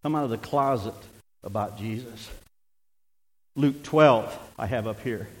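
An older man preaching a sermon as pastor, swinging between emphatic shouting and hushed, conversational asides. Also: mid-range voice, measured pace, long reverb tail, poor audio.

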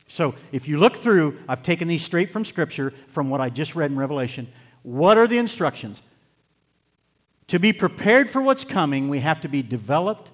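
A man preaching a sermon as pastor, swinging between loud, laughing bursts and hushed, slow scripture reading. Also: medium pitch. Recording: long hall reverb.

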